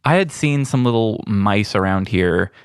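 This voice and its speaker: A man co-hosting a podcast, telling a story in a wry, deadpan way. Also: fairly low pitch, measured pace, clear, resonant tone, no echo, clean studio sound. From grew up on a farm. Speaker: podcast co-host. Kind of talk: casual storytelling chat.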